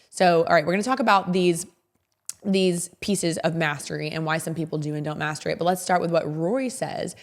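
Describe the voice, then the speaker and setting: Woman podcast host, slightly low voice, emotional, rambling, repeats herself. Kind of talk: casual podcast monologue.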